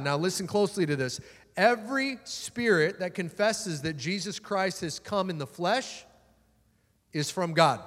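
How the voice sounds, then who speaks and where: A man with a fairly high voice preaches a sermon. He swings between ringing, emphatic declarations and hushed asides. A long reverb trails his words, as in a large church hall. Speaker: pastor.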